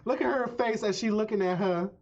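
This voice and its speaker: A man streaming live, chatting casually with his viewers, animated and swearing freely as he reacts to a video. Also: high-pitched, fairly quick. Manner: animated, swearing, talks to chat. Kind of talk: casual chat. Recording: dull lo-fi stream audio.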